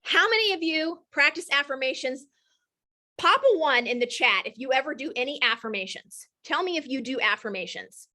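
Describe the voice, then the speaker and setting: A woman in her thirties or forties, hosting a live coaching session with energetic, motivational enthusiasm. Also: sits high, normal speed. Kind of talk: live-streamed coaching talk.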